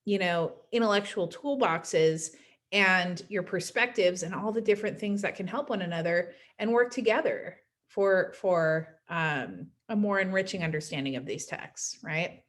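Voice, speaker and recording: A woman's voice: on the low side, moderate pace. A woman teaching a class in a casual recorded lecture, chatty and often adding "right?" to check in with her students. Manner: chatty, frequent "right?" tags.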